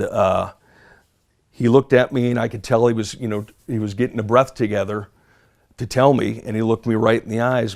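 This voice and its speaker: A police officer giving a measured, deliberate account of a shooting in an interview clip. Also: male voice, on the low side, vocal fry.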